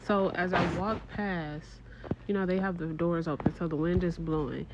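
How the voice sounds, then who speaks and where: A middle-aged woman telling a casual story to her viewers, animated and swearing, with exaggerated disgust. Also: on the low side, normal speed, lo-fi sound, very noisy.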